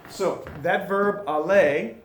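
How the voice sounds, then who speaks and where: A man teaching French in a classroom, chatty and informal, repeating phrases slowly for students to drill. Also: high-pitched, reverberant, a little hiss or hum. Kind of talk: recorded classroom lesson. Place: classroom with a board.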